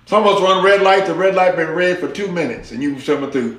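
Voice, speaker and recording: High-voiced man preaching in an echoey room. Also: a little fast. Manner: animated storytelling, acts out quoted voices. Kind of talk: sermon illustration.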